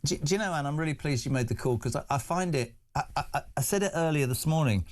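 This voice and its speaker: A man's voice: on the high side, lively intonation, fast. A man hosting a live radio phone-in from a studio, chatty and reading listener messages aloud with frequent "uh" fillers.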